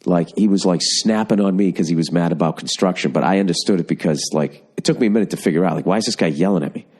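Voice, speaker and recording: A man's voice: low-pitched, fast talker, a little mellow, breathy edge. A man hosting a podcast, telling rambling, profane stories in casual chat. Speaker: podcast host.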